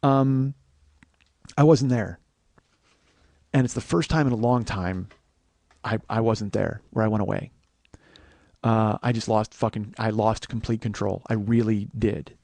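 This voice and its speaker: A man in his forties hosting a comedy podcast, telling a profane story and breaking into shouts as he reenacts an argument. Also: on the low side, a little slow, long pauses, no echo. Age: 40s. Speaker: podcast host.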